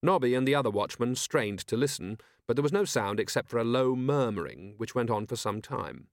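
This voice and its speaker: A man narrating an audiobook in a wry, expressive way, recorded in a studio. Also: mid-range voice, brisk, vocal fry, dry recording.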